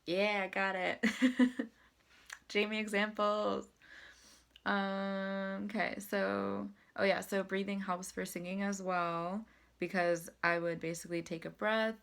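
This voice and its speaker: A woman's voice: medium pitch, little pitch movement, slow, vocal fry. A young adult woman talking casually to camera about breathing and meditation, chatty and self-deprecating, with lots of fillers. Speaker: vlogger.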